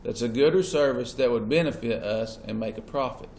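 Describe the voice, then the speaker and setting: A man's voice: medium pitch, brisk, vocal fry, a little mellow. A man lecturing a class as their teacher, asking questions and stressing key words. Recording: echoey classroom with faint noise.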